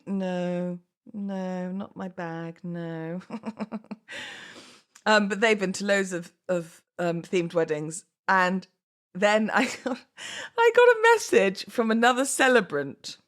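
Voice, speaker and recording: A woman hosting a casual solo podcast, chatty and oversharing, often laughing at herself and going off on asides. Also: medium pitch. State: pregnant, baby kicking. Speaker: podcast host.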